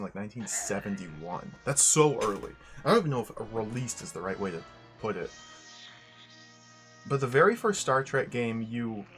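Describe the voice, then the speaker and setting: Young male streamer with a slightly husky voice; loose, meandering chat that often corrects itself. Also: mid-range voice, a bit bright. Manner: rambling, self-correcting, greets viewers one by one. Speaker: livestream host. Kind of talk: casual livestream chat.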